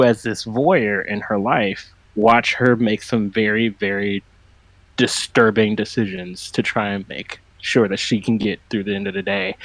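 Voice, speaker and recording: A man co-hosting a podcast in casual chat, animated and acting out quoted lines as he talks. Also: fairly low pitch, dry recording, rough recording. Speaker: podcast co-host.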